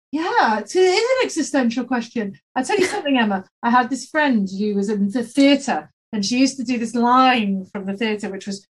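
A woman guest on a podcast, talking in a playful, animated, self-mocking way. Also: a little high. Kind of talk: podcast interview.

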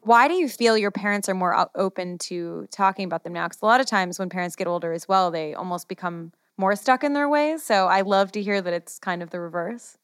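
A woman's voice: mid-range voice, brisk, few pauses, clean tone, dry recording, clean studio sound. An American woman hosting an interview, chatty and effusive, sharing personal stories between questions. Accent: American English. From United States. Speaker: interview host. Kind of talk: casual interview conversation.

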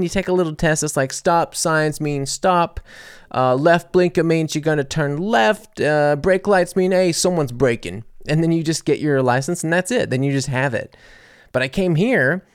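A young American man from Louisiana, telling a story in a casual, animated way with sarcasm and plenty of fillers and restarts. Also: a little high, normal speed, clean tone, no echo, clean studio sound. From Louisiana, USA. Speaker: podcast host reading listener comments.

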